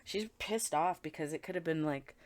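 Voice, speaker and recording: Casual tarot reader, woman with a slightly low voice, blunt, profane, chatty delivery. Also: normal speed. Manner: chatty, blunt and profane, with frequent filler words. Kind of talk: casual tarot reading commentary.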